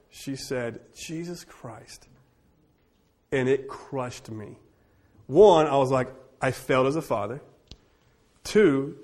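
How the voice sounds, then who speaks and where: A man who is a teacher, leading a church group discussion and telling stories in an animated, joking way. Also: medium pitch. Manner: animated, jokey storyteller with quick asides. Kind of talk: casual group discussion with storytelling.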